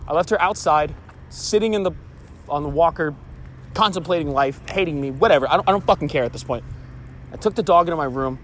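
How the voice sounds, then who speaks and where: A man's voice: on the high side, fast. A young man telling a story in an agitated, rambling rant, swearing often and restarting his sentences. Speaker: vlogger. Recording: noisy street background.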